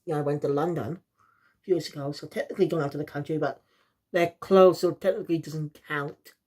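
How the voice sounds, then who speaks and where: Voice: medium pitch, steady tone, a little fast, darkish tone. Rambling reviewer. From South Wales. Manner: rambling, loses the thread. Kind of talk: casual spoken review.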